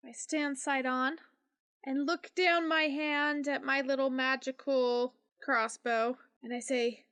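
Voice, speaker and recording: A woman player in a tabletop game, reading spell rules aloud briskly. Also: high voice, fairly even intonation, fairly bright tone, no room sound.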